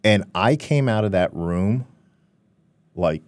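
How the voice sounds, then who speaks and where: A man from Pennsylvania, a guest on a podcast, chatting casually and ending his points with a quick "right?". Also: on the low side, dry recording. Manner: relaxed, talkative, ends points with "right?". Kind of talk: casual interview chat.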